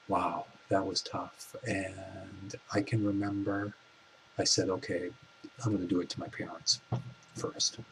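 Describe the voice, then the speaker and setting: A man in his forties telling a personal story in a soft-spoken, reflective way, with halting restarts. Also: deep voice, a little hiss or hum, rough recording. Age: 40s. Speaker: vlogger.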